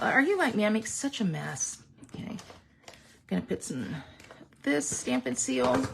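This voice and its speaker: A woman's voice: medium pitch, gravelly, a little hiss or hum. A woman demonstrating card-making at home in a chatty, playful, exaggerating way. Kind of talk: casual crafting tutorial. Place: home craft room.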